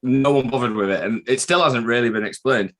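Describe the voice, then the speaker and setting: A man in an average pitch co-hosting a casual podcast live stream. He swears freely and rambles from one anecdote to the next, talking loosely and off the cuff. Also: a little fast. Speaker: podcast co-host.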